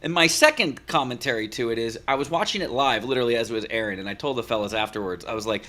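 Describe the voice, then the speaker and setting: A young adult man co-hosting a fan podcast, talking in excited, profane bursts about a show's finale. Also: mid-range voice, fast talker. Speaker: podcast co-host. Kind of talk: casual chat.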